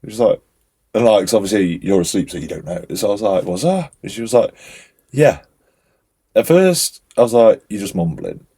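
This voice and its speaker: A young man co-hosting a podcast, telling stories in an animated, casual way with lots of fillers. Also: fairly low pitch, brisk, husky. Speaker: podcast co-host. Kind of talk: casual chat.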